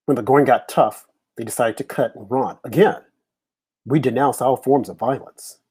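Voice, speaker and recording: A man with a husky voice opens his talk show with an impassioned political monologue. His pitch sits in an ordinary middle range, and he keeps firing rhetorical questions as he builds his case. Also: normal speed, a little mellow. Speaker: host.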